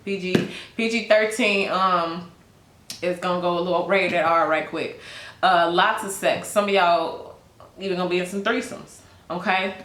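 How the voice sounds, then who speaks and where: A woman doing a casual tarot reading, chatty and blunt, with big jumps in pitch. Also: fairly even intonation, normal speed, a bit bright, reverberant. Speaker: tarot reader.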